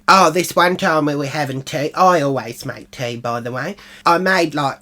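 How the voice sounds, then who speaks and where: A woman telling a brash, sweary story, acting out the other people's lines. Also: deep voice. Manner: brash, sweary storytelling with animated quoted voices. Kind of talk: comedic character monologue.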